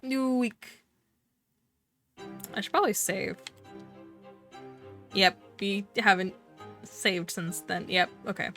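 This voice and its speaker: A woman's voice: medium pitch, takes it slowly, pauses often, a bit bright, faint music behind. A woman streamer reading a visual novel aloud on a livestream, with casual asides between the lines.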